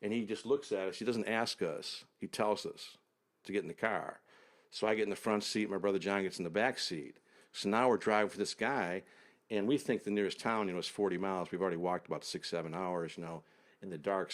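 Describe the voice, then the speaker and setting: As an interview guest, a man tells a long, detailed travel story at an unhurried pace, often trailing off low.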